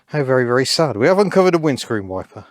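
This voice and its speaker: A man's voice: mid-range voice, sing-song, quick pace, dry recording. Dry, rambling man outdoors. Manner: rambling, dry self-deprecating asides. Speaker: car vlogger. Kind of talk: casual commentary while working. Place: overgrown rural yard outdoors.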